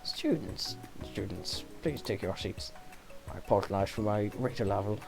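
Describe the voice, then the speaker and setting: A man's voice: lowish voice, moderate pace, gravelly, music in the background. A man voicing a small, tired male dog who teaches as a professor in a dating game, speaking in a fussy, polite lecturing way. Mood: weary, formal.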